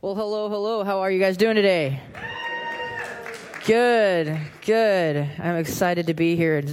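A woman preaching a sermon in a casual, animated way, often repeating phrases for emphasis. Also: mid-range voice, unhurried, soft background music. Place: church.

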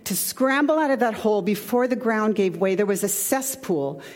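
A woman's voice: medium pitch, animated, moderate pace, darkish tone. Woman pastor preaching, chatty and casual, long echo in a church hall. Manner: conversational, chatty, with asides. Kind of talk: sermon.

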